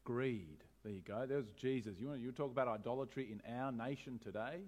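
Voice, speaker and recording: A man preaching a sermon as pastor, animated, asking rhetorical questions with wry humor. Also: mid-range voice, a little fast.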